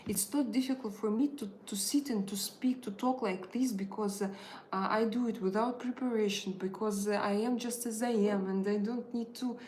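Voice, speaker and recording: A woman's voice: mid-range voice, steady tone, normal speed, darkish tone, slight background noise. A woman hosting a casual live tarot stream, speaking hesitantly with many filler sounds and non-native phrasing. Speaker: tarot reader and channel host. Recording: roomy echo.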